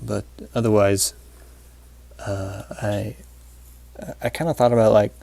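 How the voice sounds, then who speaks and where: A man's voice: fairly low pitch, little pitch movement, takes it slowly, vocal fry, mellow, no echo. A man hosting casual gameplay commentary who rambles through a story, with many fillers and restarts. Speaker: channel host.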